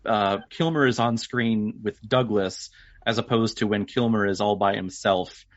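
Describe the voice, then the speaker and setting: A man co-hosting a casual film podcast, talking in a lively way. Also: lowish voice, measured pace, dry recording. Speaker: podcast co-host. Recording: dry, dull lo-fi audio.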